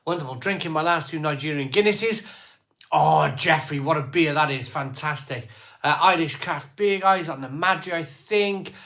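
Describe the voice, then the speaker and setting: Brief: male live-stream host, fairly high voice, rattles through viewer comments casually. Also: pushed and bright. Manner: rattles off viewer places and beers in quick lists.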